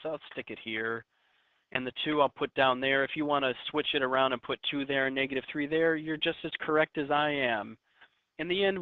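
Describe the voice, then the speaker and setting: A man's voice: medium pitch, no room sound, narrow, tinny audio. A man teaching a math lesson to his class in a recorded video, chatty and joking with his students as he works through the steps.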